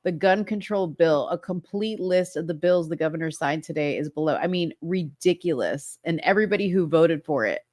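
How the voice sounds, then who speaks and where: A woman's voice: sits low, normal speed, few pauses, a little mellow, no echo, studio quality. A woman co-hosting a casual talk show, chatty and rambling, agreeing along with her partner. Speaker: podcast co-host. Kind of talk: casual chat.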